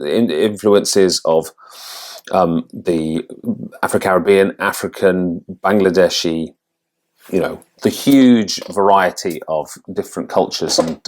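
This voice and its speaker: A man working as an accent coach, thinking aloud as he rates quiz answers, with halting restarts. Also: low-pitched. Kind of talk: casual commentary on a quiz.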